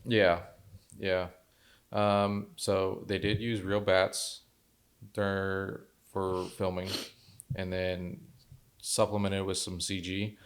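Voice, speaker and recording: A man co-hosting a podcast, giving his opinions on films in laid-back casual chat with many quick agreements. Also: low-pitched, little pitch movement. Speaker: podcast co-host. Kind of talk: casual movie review chat.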